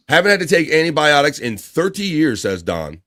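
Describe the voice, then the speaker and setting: A man's voice: fairly high pitch, sing-song, normal speed, fairly bright tone, no room sound, clean studio sound. A man hosting a casual livestream, reading viewer messages aloud in a loose, chatty way. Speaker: livestream host reading chat. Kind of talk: casual chat.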